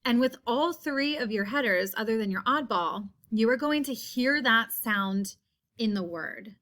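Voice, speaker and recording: A woman teacher leading a phonics lesson for young children, slowly stretching out and repeating each word sound. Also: a little high, expressive, a bit bright.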